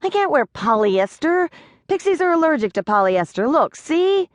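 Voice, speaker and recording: Pixie, male, fussy and whiny, high pitched; woman reader doing the voice. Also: sing-song, moderate pace, no echo, studio quality. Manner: whiny, complaining.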